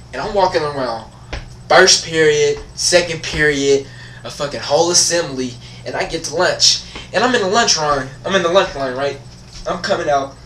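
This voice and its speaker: Profane, animated teenage guy ranting. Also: on the high side, slight background noise. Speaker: vlogger. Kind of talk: casual storytelling rant. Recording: echoey room, voice from far off.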